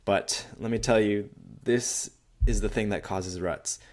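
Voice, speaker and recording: A man's voice: on the low side, measured pace, soft background music. A young man, a college student, giving casual life advice to camera, rambling and acting out little conversations. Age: young adult. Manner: rambling and animated, acts out quoted exchanges with lots of "like". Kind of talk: casual self-help talk to camera.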